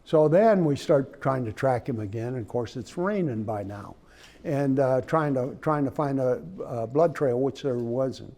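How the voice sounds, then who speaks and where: A man casually telling a hunting story, rambling and halting with many restarts, indoors in a room with his trophy rug on the wall. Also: mid-range voice, dark tone.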